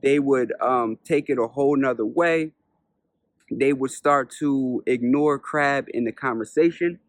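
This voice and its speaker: A man who is a spiritual teacher, telling a parable as a lesson in an unhurried way, repeating points and asking rhetorical questions. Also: mid-range voice, dry recording. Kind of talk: storytelling lesson.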